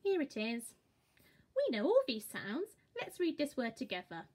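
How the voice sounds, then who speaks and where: Brief: woman, children's phonics teacher, slow deliberate delivery, bouncy melodic voice. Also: high voice, huge pitch swings, a little mellow. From England. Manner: slow, encouraging, exaggerated sound-by-sound modelling.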